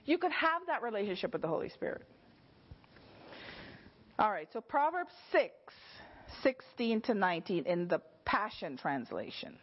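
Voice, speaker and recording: A woman's voice: medium pitch, big pitch swings, moderate pace, pauses often, breathy edge, dull audio. A woman teaching an informal sermon in a conversational way, often checking in with her listeners. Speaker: Bible teacher.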